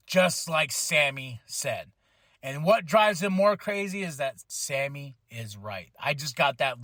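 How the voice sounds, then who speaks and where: Man, podcast host, rambling casual review, bright tense voice, close dry mic. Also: high voice, dry recording. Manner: excitable, rambling, swears freely, acts out quotes. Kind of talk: casual wrestling show review.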